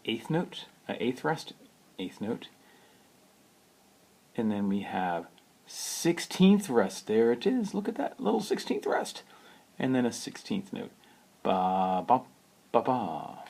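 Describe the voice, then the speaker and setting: Man teaching piano, animated lively voice. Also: medium pitch, vocal fry, slightly rough. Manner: sings rhythms and counts beats aloud; unhurried, thoughtful, with many fillers. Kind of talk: spoken music lesson.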